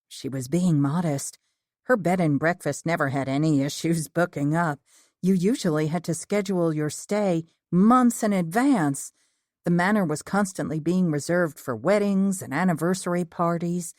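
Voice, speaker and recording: A woman narrating an audiobook in the first person, with an even storytelling manner. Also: fairly low pitch, moderate pace, no echo, clean studio sound.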